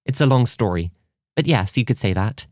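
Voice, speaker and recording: Man putting on a young woman's voice, raised pitch, earnest, a bit shy, dry close audiobook sound. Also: lively intonation, moderate pace, darkish tone, no echo, natural voice.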